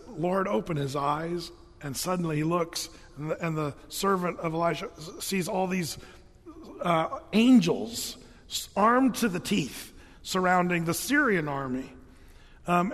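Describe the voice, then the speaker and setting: A male pastor with a notably high voice gives a relaxed, humorous sermon. He keeps the talk light with playful asides while he explains scripture. His voice rings out with a long reverb, as if in a large hall. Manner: casual and joking, with playful asides and restarts.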